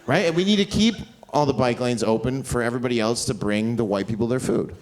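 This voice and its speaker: A man doing a brash stand-up comedy set, tossing off deadpan asides. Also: medium pitch, quick pace, slight background noise. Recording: live comedy club with crowd laughter.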